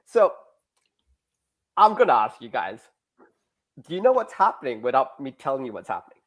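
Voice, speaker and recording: A man who creates comics, explaining in a casual interview in an animated, rambling and self-deprecating way. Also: medium pitch, moderate pace.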